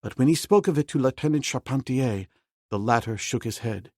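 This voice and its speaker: A man reading a novel aloud as an audiobook narrator, in a steady, measured way. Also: medium pitch, no echo, clean studio sound.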